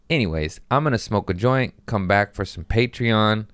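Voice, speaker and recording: Deep-voiced man ranting profanely. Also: lively intonation, normal speed, a bit bright, clear, resonant tone, no echo. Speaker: podcast host; comedian. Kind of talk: comedic ranting monologue.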